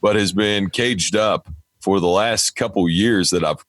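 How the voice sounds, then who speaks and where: West Virginian guy, lower voice, dry close sound, swears a lot, tells work stories. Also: a little slow, a bit bright, no room sound. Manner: profane, storytelling, acts out his own talk to dogs. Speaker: podcast guest, mail carrier. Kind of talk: casual chat.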